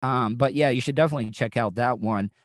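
A man's voice: mid-range voice, fast, dry recording. A man hosting a casual talk show, telling stories in a rambling, profane way with many restarts. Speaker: podcast host. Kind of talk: casual chat. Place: Orlando, Florida.

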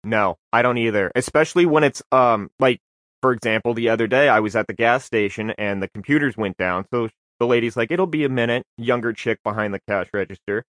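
A man's voice: on the low side, fairly quick, no echo, clean studio sound. A man talking casually as a podcast guest, swearing freely and acting out his stories. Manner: profane, animated storytelling. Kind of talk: casual chat.

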